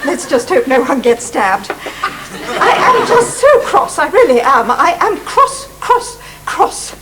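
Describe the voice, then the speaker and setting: A fussy, flustered music teacher. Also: female voice, sits high, very animated, slow, noisy background, heavily acted. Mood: indignant. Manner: prim and fretful, full of twee phrases. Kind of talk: 1990s TV sitcom acting.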